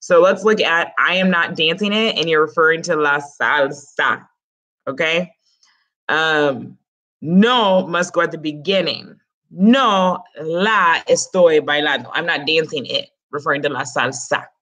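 A woman's voice: deep voice, unhurried, a bit bright. A woman teaching Spanish grammar in an online class, explaining it step by step in a casual way.

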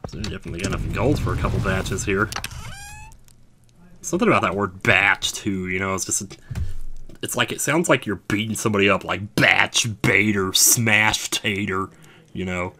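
A man's voice: sits low, animated, fairly quick, long pauses, sharp tone, a little hiss or hum. A man giving casual gameplay commentary, rambling through musing asides. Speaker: let's play gamer. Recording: clear game music underneath. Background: game music.

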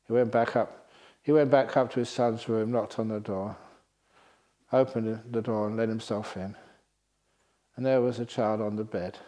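A man who is a Buddhist monk, telling stories in a dharma talk at a retreat centre, laughing often between lines. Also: mid-range voice. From England. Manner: laughing often, lively storytelling with voiced quotes.

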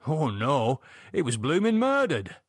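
A man voicing a calm, sardonic man who talks in a wry, teasing, level-headed way, with a husky voice. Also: on the high side, a little slow, dry recording, studio quality, pitched above the performer's own voice, full character voice. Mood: matter-of-fact.

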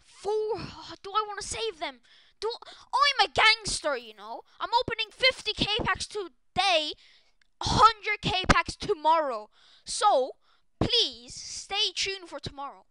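A young woman streaming a video game live, shrieking and excitable, often breaking into shouts. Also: very high-pitched, takes it slowly, no room sound. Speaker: gaming streamer.

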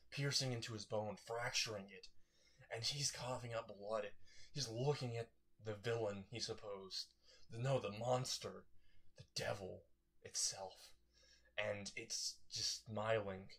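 A man's voice: lowish voice, a bit bright. A man casually narrating a fan story, rambling and correcting himself as he goes.

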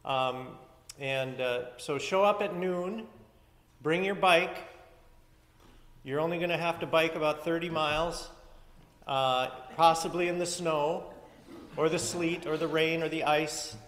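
A man's voice: fairly high pitch, a little slow, a bit bright. A man giving church announcements from the front as pastor, chatty and rambling, with many fillers and restarts. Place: church sanctuary. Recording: echoey hall from far off.

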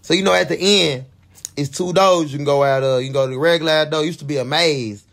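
Gravelly-voiced young man telling a story. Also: a little high, quick pace. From Fort Worth, Texas. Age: 20s. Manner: animated, profane, acts out his own screams and quotes. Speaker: vlogger. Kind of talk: casual storytelling to camera.

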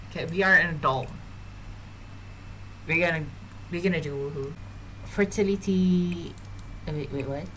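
Woman, gameplay commentary, unhurried, lowish voice, chatty and giggly, faint background hiss. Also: bright, forceful tone. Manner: chatty, giggly, addresses viewers directly. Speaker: gaming YouTuber.

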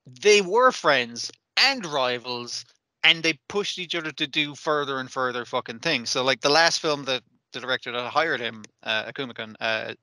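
Bright, sweary man podcaster. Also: mid-range voice, moderate pace, no echo. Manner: swears a lot, acts out characters' lines. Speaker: podcast co-host. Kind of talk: casual chat recapping an anime.

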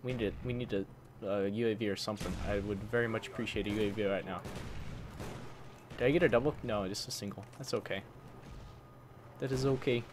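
Over a noisy background, a man with a low-ish, steady voice talks a little fast but leaves long pauses. As a gaming channel host playing a shooter live, he grumbles at opponents, talks to the enemies, and vents his frustration with mild replacements for curses.

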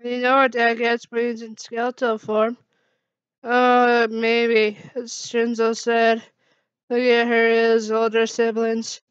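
A woman reading a fan story aloud in a halting way, with slips and restarts. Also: a little high, completely flat delivery, clear, resonant tone, no echo, highs cut off. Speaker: fan fiction reader.

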